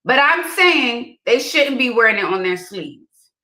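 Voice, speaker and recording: A woman's voice: fairly high pitch, sing-song, measured pace, pushed and bright. A woman giving casual dating advice to her viewers, emphatic and repeating her key points. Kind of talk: casual direct-to-camera advice. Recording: roomy echo.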